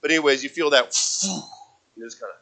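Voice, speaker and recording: A man preaching a sermon as pastor, telling a story with many restarts and fillers and acting out shouted voices. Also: mid-range voice, normal speed, poor audio. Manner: acts out shouted voices in his stories. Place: church.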